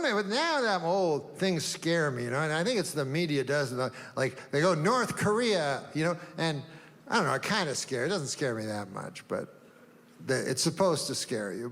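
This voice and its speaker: A man doing a stand-up routine on a comedy stage, deadpan and rambling, with long setups. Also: fairly high pitch. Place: comedy stage before a live audience. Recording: long hall reverb, faint noise.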